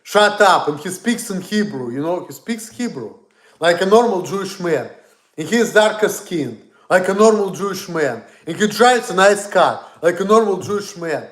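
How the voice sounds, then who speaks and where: A man's voice: sits high, expressive, moderate pace, echoey room. A man ranting in a blunt, profane, rambling way on a casual livestream. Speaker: streamer.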